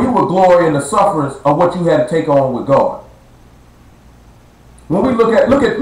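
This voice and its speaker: Blunt high-voiced street preacher. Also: male voice, a little mellow. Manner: preachy, blunt, slangy, drawn-out emphasis. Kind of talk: street-style sermon. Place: live streamed gathering room. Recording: echoey live stream room.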